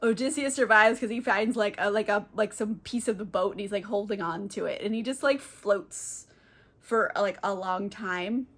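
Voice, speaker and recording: A woman's voice: medium pitch, normal speed, a bit bright. A tipsy woman retelling a classic book as a casual comedic recap, rambling, swearing and giggling. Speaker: book vlogger.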